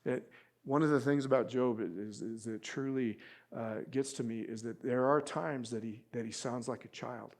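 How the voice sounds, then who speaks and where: A man preaching a sermon as pastor, swinging from loud emphatic appeals to quiet asides and acting out quoted speech with feeling. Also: medium pitch, steady tone, normal speed.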